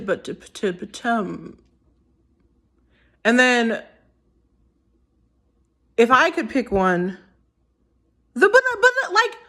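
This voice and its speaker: Young woman vlogger, unhurried, giggly and scattered, slightly high voice. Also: fairly bright tone. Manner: giddy and giggly, rambling with many restarts. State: tired. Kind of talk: rambling casual vlog.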